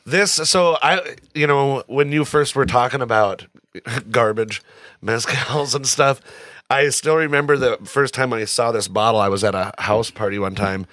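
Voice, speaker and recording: A man's voice: mid-range voice, measured pace, a bit bright, no room sound. A man on a podcast telling a story in a joking way, laughing as he goes. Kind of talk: casual chat.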